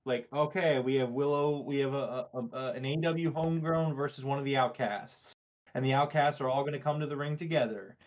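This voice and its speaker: A man co-hosting a casual podcast, laying out his views in a thoughtful, analytical way with plenty of fillers and restarts. His pitch is ordinary, and the recording sounds dull and lo-fi. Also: fairly even intonation, brisk. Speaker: podcast co-host. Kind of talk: casual wrestling review chat. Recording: dull, lo-fi mic.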